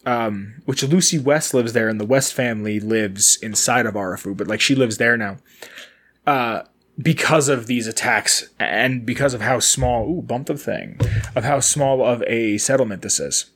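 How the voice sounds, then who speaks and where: A medium-pitched, slightly bright voice with a breathy edge belongs to a man hosting a relaxed solo podcast at a moderate pace. He rambles, backtracks to correct himself, and laughs easily, recording with a camera and microphone inside the building he recently moved into.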